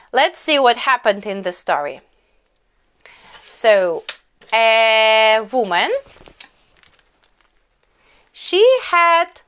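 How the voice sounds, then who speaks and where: A young woman with a Russian accent teaching English to small children, with slow, exaggerated, coaxing speech and prompts to repeat each phrase. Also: fairly high pitch, a bit bright, smooth. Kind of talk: children's English lesson with a story.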